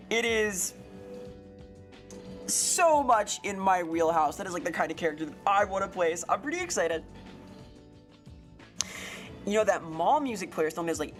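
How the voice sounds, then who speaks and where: A woman streaming casually, greeting chat by name with bubbly, pun-filled talk that leaps up in pitch on her hellos. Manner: bubbly, punny, swoops up on greetings.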